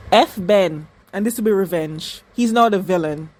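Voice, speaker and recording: A woman's voice: mid-range voice, normal speed, darkish tone. A woman reviewing a TV episode in a casual reaction video, talking back at the screen emphatically, repeating herself and cursing freely. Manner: emphatic and repetitive, swears freely. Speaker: reaction vlogger.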